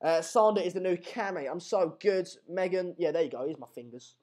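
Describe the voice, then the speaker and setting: A young man with a noticeably high voice hosts a live football stream. He breaks off his play-by-play to read viewer comments aloud, keeping the banter loose and chatty. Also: fairly quick, warm tone. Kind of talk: live match watchalong commentary.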